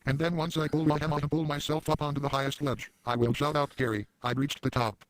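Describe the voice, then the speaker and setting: A man voicing a crude, boastful adult cartoon dad in a rambling parody monologue with sudden loud outbursts. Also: fairly high pitch, level tone, quick pace, no room sound, natural voice, low-quality recording. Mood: brash.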